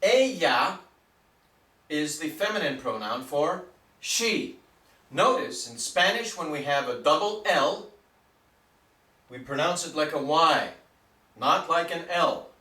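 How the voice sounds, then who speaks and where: A man teaching a basic language lesson, patient and deliberate, spelling words out letter by letter. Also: fairly high pitch, animated, pushed and bright, reverberant, recorded from a distance. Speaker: Spanish teacher.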